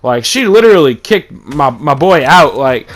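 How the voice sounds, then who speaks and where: A man's voice: a little high, very animated, normal speed. A man from East Texas, telling a rambling, profane story about his own life. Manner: rambling, swears a lot, acts out quotes.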